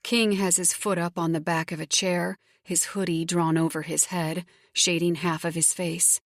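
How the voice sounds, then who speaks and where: A woman giving steady, intimate first-person narration of a romance audiobook. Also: fairly low pitch, normal speed, dry recording, clean studio sound.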